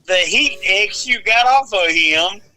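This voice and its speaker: High, bright-voiced man in his forties. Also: expressive, slow, poor audio. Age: 40s. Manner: rambling, swears freely, laughs through his stories. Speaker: wrestling podcast co-host. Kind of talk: casual storytelling chat.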